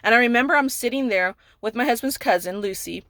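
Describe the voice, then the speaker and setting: A woman's voice: fairly high pitch, quick pace, fairly bright tone, no room sound. Woman, 30s, emotional personal testimony, dry close sound. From California. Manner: emotional, retelling with quoted dialogue. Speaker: mother telling her son's story.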